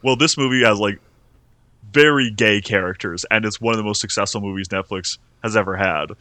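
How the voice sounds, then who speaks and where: A young man with a fairly low but bright, forceful voice, chatting casually as a podcast co-host. He rambles and restarts his sentences a lot, recorded dry and close with no room sound. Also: a little fast, dry recording. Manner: rambling, restarts often, laughs between points. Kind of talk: casual podcast film review chat.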